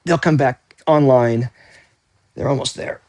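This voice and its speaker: A man's voice: mid-range voice, unhurried, darkish tone. A man talking casually while he stretches, rambling and correcting himself, a little winded from the exercise. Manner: rambling, self-correcting, breathy exclamations. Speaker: vlogger doing stretching exercises.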